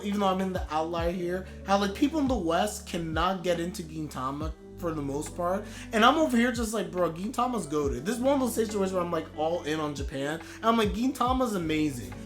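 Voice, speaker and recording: A man streaming a live manga reaction, rambling and gushing with excitement. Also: sits high, quick pace, hardly any pauses, soft background music.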